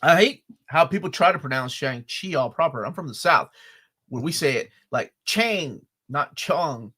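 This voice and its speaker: Animated man chatting on a live stream. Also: fairly high pitch, moderate pace, slightly rough. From Peru. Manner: animated, laughs often, jumps between chat comments. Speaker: co-host. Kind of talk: casual live-stream chat.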